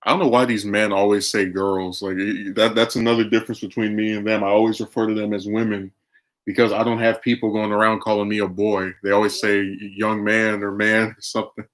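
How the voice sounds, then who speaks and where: A man's voice: fairly low pitch, flat delivery, a little fast, fairly bright tone. A man streaming, chatting casually and arguing his opinions while reacting to his chat. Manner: opinionated, argumentative.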